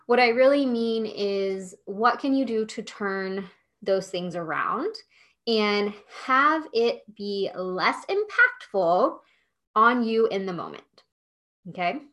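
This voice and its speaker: A woman's voice: medium pitch, expressive, takes it slowly, fairly bright tone. A woman hosting a solo podcast, coaching business owners in a chatty, emphatic way with lots of "like" and "okay?".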